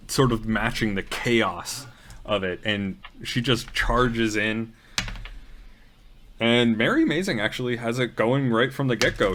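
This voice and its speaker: A man's voice: mid-range voice, a bit bright. A man narrating as game master in a tabletop role-playing game, telling scenes loosely with plenty of ums and likes. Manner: loose, filler-heavy retelling with many ums and likes.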